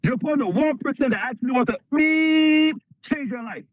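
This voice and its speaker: A man from Canada giving an energetic motivational talk at a sales training, acting out little skits in put-on voices. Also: very high voice, normal speed, no room sound, muffled recording.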